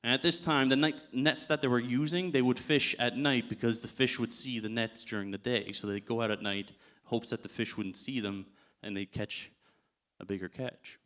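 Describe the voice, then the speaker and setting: A man's voice: medium pitch, fairly even intonation, normal speed, fairly bright tone. A man giving a sermon as a guest preacher in a church, telling the story in a casual way and chuckling often.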